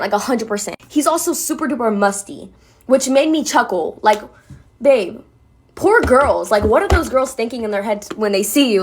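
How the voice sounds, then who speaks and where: Fast, chatty young woman telling a story. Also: on the high side. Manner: chatty, fillers of "like", blunt and sassy. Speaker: vlogger. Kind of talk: casual storytime vlog.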